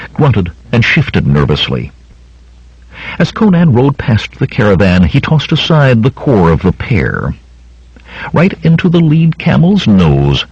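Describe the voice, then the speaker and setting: A man reading an adventure novel aloud as an audiobook narrator, with a dramatic, expressive delivery. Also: vocal fry, breathy edge, no echo, muffled recording. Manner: dramatic, expressive reading with wide pitch swings.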